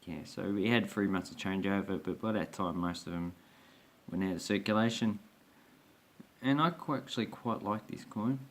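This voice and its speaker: Man, fairly low voice, casual show-and-tell talk, rambling, hesitant, restarts a lot. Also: normal speed. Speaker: coin collector vlogger.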